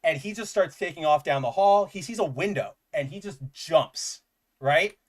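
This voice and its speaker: Excitable man rambling about comics. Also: on the high side, normal speed. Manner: enthusiastic, rambling, says "like" often. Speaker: podcast co-host. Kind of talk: casual chat reviewing comics.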